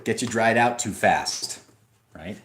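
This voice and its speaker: A man's voice: on the low side, slow, fairly bright tone, a little hiss or hum. A man hosting a casual livestream, talking in a rambling way, answering viewer comments and often restarting his sentences. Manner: rambling, with frequent restarts and asides. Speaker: livestream host.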